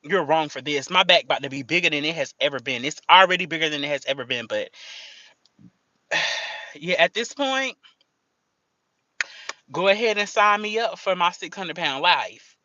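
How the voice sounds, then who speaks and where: Woman chatting on a livestream, super animated, bright, dry dull lo-fi audio. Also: deep voice, moderate pace, pauses often, no echo. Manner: animated, playful, slangy, laughing often. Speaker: livestream host. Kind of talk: casual livestream chat.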